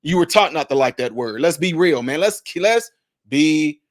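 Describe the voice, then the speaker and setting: A man's voice: fairly high pitch, lively intonation, moderate pace. A man giving emphatic, preachy spoken commentary, repeating his points to hammer them home. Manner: acts out what others say in put-on voices. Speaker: commentary vlogger.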